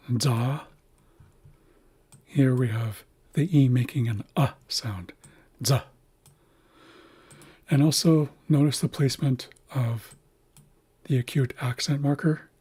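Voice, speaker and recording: A man teaching a language in a livestream lesson, speaking slowly and carefully and repeating words to show how they are said. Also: medium pitch, a little mellow, breathy edge.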